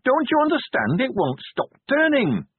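A man's voice: very high voice, wildly swooping pitch, moderate pace, husky, no echo, voice pushed up, exaggerated voice. A man voicing an overexcited male guild inventor who talks breathlessly and enthusiastically. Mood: excited. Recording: tinny phone-like band.

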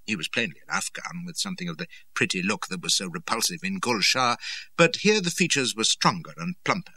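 A man narrating a first-person adventure story, expressive and dramatic. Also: low voice, fairly quick, breathy edge, no room sound. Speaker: audiobook narrator.

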